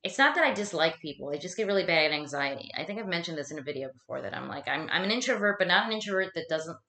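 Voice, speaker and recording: Lively, bright-voiced woman chatting casually. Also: on the low side, fast. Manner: chatty, swears casually, self-deprecating. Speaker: live streamer. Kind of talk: casual chat while folding laundry, answering viewers. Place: at home. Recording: roomy echo.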